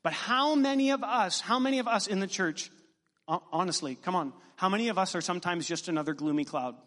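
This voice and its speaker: A male pastor with a high voice delivers a sermon, trading joking asides with his congregation. His words ring out with a long reverb through the church hall. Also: a little fast, a bit bright. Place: church sanctuary.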